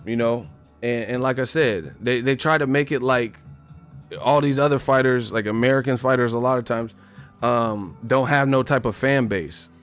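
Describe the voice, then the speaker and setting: A man's voice: medium pitch, moderate pace, clear, resonant tone. A man holds forth on a live stream in a blunt, emphatic rant, repeating himself and swearing freely. His voice sits mid-range, and faint music plays underneath. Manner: blunt, repetitive, emphatic, profane. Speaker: boxing commentator.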